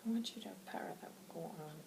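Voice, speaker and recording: A woman's voice: fairly low pitch, fast, creaky, whispered, rough recording. A woman voicing the channeled words of a passionate male spirit guide, preaching earnestly. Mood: hushed. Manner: earnest, preaching, relayed with "he says".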